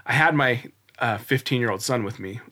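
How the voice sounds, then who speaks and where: His voice is medium-pitched, bright and forceful, at a moderate pace. A forties-aged podcast guest, he tells a personal story with earnest rambling, full of false starts and filler words, during a relaxed storytelling interview.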